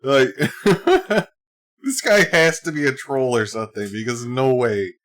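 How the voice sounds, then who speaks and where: A man's voice: mid-range voice, animated, measured pace, fairly bright tone. A man streaming live, reacting to a clip with laughing, incredulous asides.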